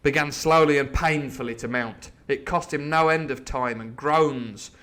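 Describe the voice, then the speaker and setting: A man reading a classic adventure novel aloud as host of a live stream, with animated, jokey asides. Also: medium pitch, normal speed. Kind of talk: storybook reading with live commentary.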